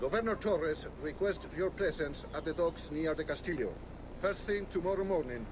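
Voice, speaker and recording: An actor playing a formal town messenger in a video game, announcing a summons. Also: male voice, fairly high pitch, moderate pace, a little hiss or hum, close to an everyday voice.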